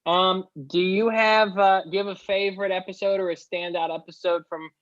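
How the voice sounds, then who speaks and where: A man's voice: high voice, flat delivery, a little fast, fairly bright tone, no echo, muffled recording. A man hosting a podcast who asks long, rambling questions full of fillers. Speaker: podcast host. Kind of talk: interviewer asking questions.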